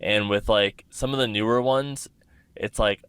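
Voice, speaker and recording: A man with a lowish, smooth voice chats casually on a podcast. He wanders through his stories, dropping "like" into almost every phrase. The sound is close and dry. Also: fairly even intonation, measured pace, fairly bright tone, no room sound. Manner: loose, filler-heavy, says "like" constantly. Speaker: podcast host.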